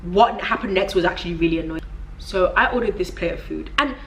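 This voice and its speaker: A Nigerian woman in her twenties, a vlogger giving a comedic rant in an animated, exasperated way and often breaking into laughter. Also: fairly low pitch, fairly quick, slight background noise.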